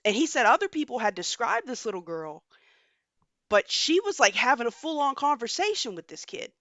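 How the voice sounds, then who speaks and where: A young woman hosting a podcast, telling a story in a casual, animated way and cursing freely. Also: fairly high pitch, a little fast, dry recording. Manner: animated, profane storytelling with slang. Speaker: podcast host.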